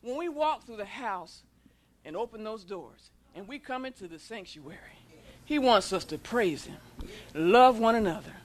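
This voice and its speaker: A woman preaching a sermon in a church, leading the congregation in call-and-response and building to shouts. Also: fairly high pitch, lively intonation, normal speed. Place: church sanctuary.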